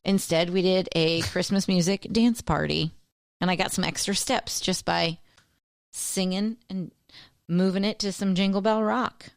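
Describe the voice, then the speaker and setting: A woman co-hosting a podcast in casual chat, playful and quick to laugh, slipping into silly voices. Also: on the low side, steady tone, gravelly, no room sound, studio quality. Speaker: podcast co-host.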